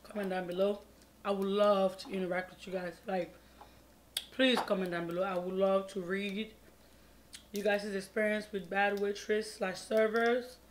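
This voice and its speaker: A woman's voice: mid-range voice, little pitch movement, moderate pace. Woman from Cameroon, vlog host, eating and chatting, eager and repetitive, faint background hiss. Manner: chatty, repeats pleading words, mumbles while eating. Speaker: vlogger. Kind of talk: casual mukbang storytime vlog.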